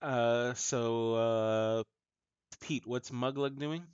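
Male game master, slow deliberate narration, dull lo-fi sound. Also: mid-range voice, fairly even intonation, clear, resonant tone, no echo. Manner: slow, halting narration with fillers. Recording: muffled lo-fi audio.

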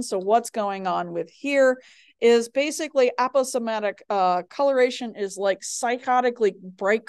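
A woman's voice: fairly high pitch, darkish tone, no room sound, studio quality. A woman teaching a recorded biology lecture, rambling with lots of fillers and chatty personal asides. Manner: rambling, digressive, many fillers; chatty, tells personal anecdotes. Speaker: biology instructor.

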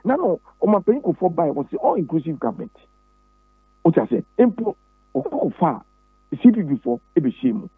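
A Ghanaian pastor and former presidential candidate, interviewed about politics in a blend of Twi and English, talks in a husky, very animated voice at normal speed. He preaches emphatically, repeats himself, and his pitch leaps high when he presses a point. The line sounds tinny like a phone, with no room sound.

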